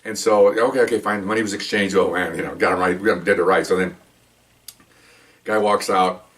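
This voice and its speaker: A man's voice: sits low, fairly even intonation, a little fast, fairly bright tone, distant mic. An older man, a retired police officer, telling a long story from his career in a rambling, chatty way, full of restarts and "okay?" asides. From Mexican heritage, raised in the US. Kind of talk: casual first-person storytelling to camera.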